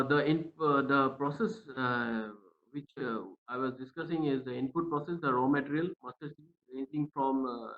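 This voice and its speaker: A man presenting slides in a webinar over a video call, hesitant with many fillers and speaking softly. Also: medium pitch. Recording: tinny phone-like line in an echoey room.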